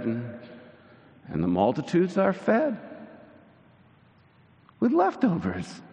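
A male pastor preaching a sermon, telling the story with lively mimicry of the disciples. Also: gravelly. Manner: animated storytelling, mimicking disciples in high voices. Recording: church hall reverb.

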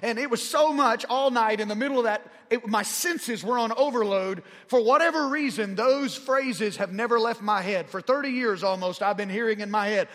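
Fervent Southern preacher man, high voice. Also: moderate pace, hardly any pauses, a bit bright. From Arkansas. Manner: rising in pitch and volume as he gets fervent. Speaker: pastor. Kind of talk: sermon storytelling. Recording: long hall reverb.

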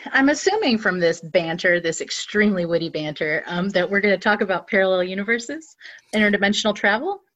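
A woman's voice: medium pitch, animated, fairly quick, fairly bright tone, muffled recording. A woman co-hosting a podcast, asking teasing, prompting questions in casual banter. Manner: teasing, laughs often, asks prompting questions. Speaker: podcast co-host.

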